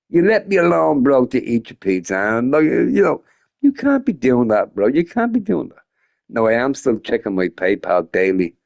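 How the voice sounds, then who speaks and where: A man's voice: medium pitch, wildly swooping pitch, normal speed, gravelly, a little mellow. A young man chats off the cuff on a gaming live stream. He rambles and swears freely, and his voice swings widely up and down as he talks. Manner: rambling and profane, often laughing. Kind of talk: casual live-stream chat.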